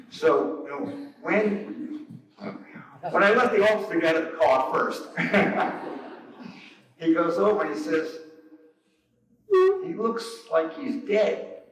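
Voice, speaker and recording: An older man delivers a sermon through a funny anecdote, chuckling at his own jokes and slipping into mock outrage. His voice sits a bit high. He is recorded from far off the mic in a strongly echoing room. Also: a bit bright. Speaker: preacher. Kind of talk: storytelling sermon.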